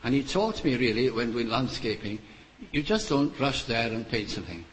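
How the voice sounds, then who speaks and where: An older man preaching a sermon, earnest and pleading, with long pauses between his short phrases. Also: mid-range voice, animated, slight background noise, low-quality recording.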